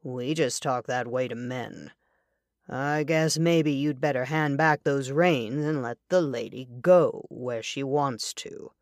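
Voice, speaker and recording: A woman reading an audiobook, voicing a steady cowboy gunfighter who speaks low, calm and measured, with a quiet edge. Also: dry recording, studio quality, exaggerated voice. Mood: cool. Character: cool, steady cowboy gunfighter, adult man. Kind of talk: audiobook character voice.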